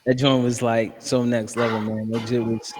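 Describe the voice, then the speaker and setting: A man's voice: medium pitch, little pitch movement, moderate pace, noisy background. A man chatting casually about hip-hop beats, laid-back and slangy, calling people "bro" and "man".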